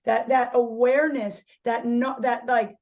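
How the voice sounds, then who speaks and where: A woman yoga instructor talking candidly as a podcast guest, animated, swearing freely and restarting her sentences as she searches for words. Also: a little high, a little slow. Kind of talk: casual podcast conversation.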